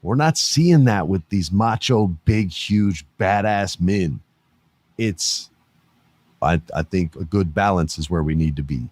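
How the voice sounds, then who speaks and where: Middle-aged male podcast host, low voice, dry close sound, animated and laughing. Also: measured pace, no echo. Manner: animated, laughs often, swears casually. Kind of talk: casual commentary.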